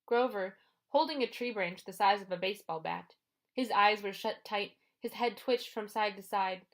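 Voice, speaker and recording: A woman reading a first-person adventure audiobook in a steady storytelling voice. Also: medium pitch, normal speed. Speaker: audiobook narrator.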